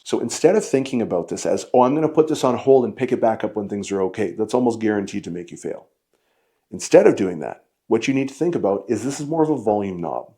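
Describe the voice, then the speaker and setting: A male fitness coach lecturing straight to camera. His voice is mellow and rounded, and his delivery is blunt and insistent, hammering home each point. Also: on the low side, animated, quick pace. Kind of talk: direct-to-camera coaching lesson.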